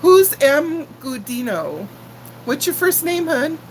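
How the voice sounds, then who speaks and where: A woman's voice: high-pitched, very animated, slow pace, slight background noise, rough recording. A woman in her sixties hosting a casual live stream, chatting affectionately with viewers and greeting them by name. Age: 60s.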